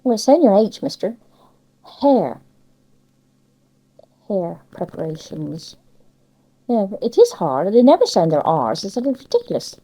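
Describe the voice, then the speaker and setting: A woman's voice: mid-range voice, huge pitch swings, brisk, few pauses, mellow, rough recording. An older woman with a Cornish accent, chatting in an interview and giving emphatic opinions. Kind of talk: casual conversation.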